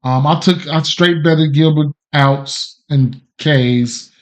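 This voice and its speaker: A man's voice: on the high side, slow. A man hosting a sports betting livestream, chatting casually in a loose, rambling, slangy way and greeting viewers by name. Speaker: sports betting podcast host. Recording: dull lo-fi stream audio.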